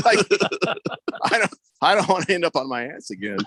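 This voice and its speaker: Animated, bright-voiced male radio host. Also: sits high, brisk, long pauses, no room sound. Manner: animated storyteller, does voices of people he quotes. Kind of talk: casual sports radio banter. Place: radio studio. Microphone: close studio mic. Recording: dry close studio sound.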